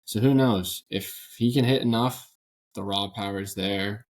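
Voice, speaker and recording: A man's voice: fairly low pitch, moderate pace. A man talking baseball as a guest on a casual podcast, telling stories with a laugh. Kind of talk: casual sports chat.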